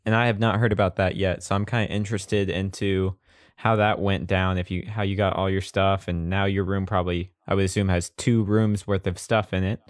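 A man's voice: deep voice, little pitch movement, brisk, dry recording, clean studio sound. A young man co-hosting a casual podcast chat, laid-back and rambling. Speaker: podcast co-host.

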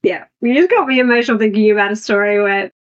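Female podcast host, mid pitch, chatty and candid, muffled lo-fi audio. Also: lively intonation, fast. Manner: chatty, self-correcting, personal stories. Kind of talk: casual chat. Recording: slightly dull, lo-fi sound.

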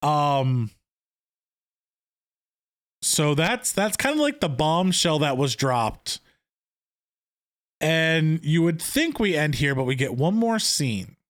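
A man co-hosting a casual podcast, recapping a TV episode in an excited, rambling way with many restarts. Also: on the high side, takes it slowly, pauses often. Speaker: podcast co-host.

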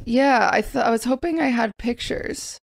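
Higher-pitched woman hosting a casual podcast. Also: moderate pace, creaky, no echo, clean studio sound. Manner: animated, rambling with restarts. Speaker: podcast host. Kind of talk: casual chat.

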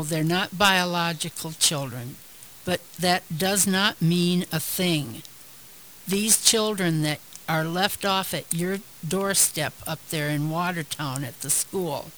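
A woman's voice: fairly low pitch, fairly bright tone, a little hiss or hum, rough recording. An older woman leading a spoken prayer in an earnest, tender way.

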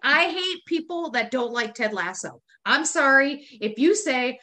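A woman co-hosting a podcast runs through her pet peeves in casual chat, with lots of profanity and laughter. Her voice sits high and sounds bright and forceful. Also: expressive, a little slow, few pauses. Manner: profane, ranting, laughs often. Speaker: podcast co-host.

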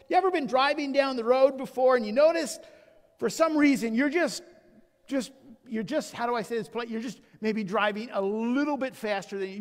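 A male pastor with a notably high voice delivers an emphatic sermon in a hall with a long reverberant tail. He drives his points home with rhetorical questions and personal anecdotes.

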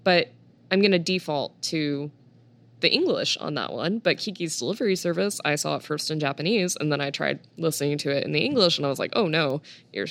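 A woman co-hosting a casual chat, animated and quick to laugh. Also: deep voice, gravelly.

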